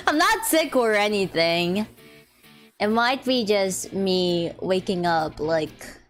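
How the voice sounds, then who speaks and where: A young woman streaming a game, chatting playfully, giggling often and reading game text aloud, her voice a little deep from just waking up. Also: sing-song, takes it slowly, long pauses, a bit bright. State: slightly deep morning voice. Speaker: VTuber streamer. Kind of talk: casual live-stream chat. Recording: faint music behind.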